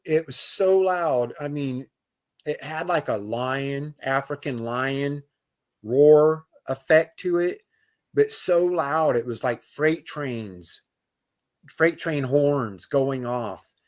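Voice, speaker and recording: A man's voice: medium pitch, slow pace. A man telling a personal outdoor story as a guest, in loose casual speech with fillers, restarts and imitated animal calls. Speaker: guest recounting an outdoor encounter.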